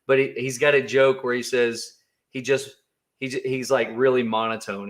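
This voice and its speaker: A man's voice: medium pitch, level tone, normal speed. A man co-hosting a livestream, talking casually and rambling, with frequent laughter and filler words. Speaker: livestream co-host.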